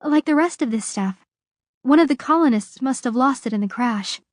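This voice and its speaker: A woman voicing a calm, matter-of-fact young woman in an audiobook. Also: sits high, normal speed, no echo, studio quality, pitched above the performer's own voice.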